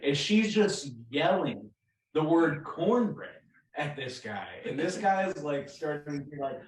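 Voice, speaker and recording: A man's voice: a little high, lively intonation, measured pace, slight background noise. A young man, a rock band member, casually telling a road story with lots of fillers, restarts and laughs. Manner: rambling, full of fillers and restarts, laughing at his own story. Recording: roomy echo, mic at a distance.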